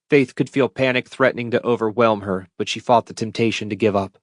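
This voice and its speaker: Low-voiced male audiobook narrator. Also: a little fast, few pauses, dry recording, clean studio sound. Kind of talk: scripted narration.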